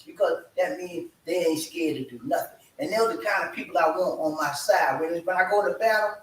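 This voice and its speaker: An energetic man hosting a casual home show, talking with a bright, forceful edge and hyping up his viewers. His voice sounds far from the mic, with a roomy echo and faint noise behind it. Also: on the high side, a little fast. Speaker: show host. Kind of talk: casual live chat. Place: room at home. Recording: echoey room, voice from far off.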